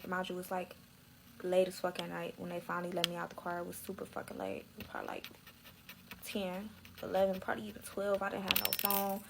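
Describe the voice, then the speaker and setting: A woman's voice: lowish voice, vocal fry, noisy background. A young woman telling her own story in a slangy, emotional way, close to tears at times. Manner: slangy, tearful, dramatic retelling.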